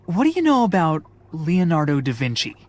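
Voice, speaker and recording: Kelvin, a wry young assistant. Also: female voice, low-pitched, sing-song, fairly quick, a little mellow. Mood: curious. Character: young man, clumsy good-natured lab assistant. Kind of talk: video game voice acting.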